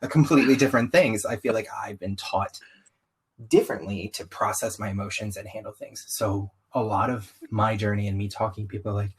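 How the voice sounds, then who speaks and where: A young man with a faint Southern twang tells his own story as an interview guest. His voice sits a bit low with a husky edge, and he talks in a loose, animated way, slipping into other people's voices for quotes. Conversational and candid throughout. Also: fairly quick, rough recording. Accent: slight Southern US. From US, Southern-ish family. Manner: animated, frequent "like" asides, acts out quotes. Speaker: podcast guest.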